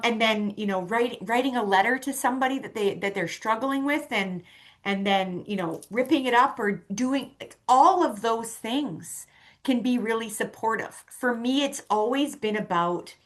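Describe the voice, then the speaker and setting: A woman's voice: on the high side, unhurried. A woman talking as a podcast guest, earnest and conversational, with many fillers and restarts. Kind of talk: casual conversation.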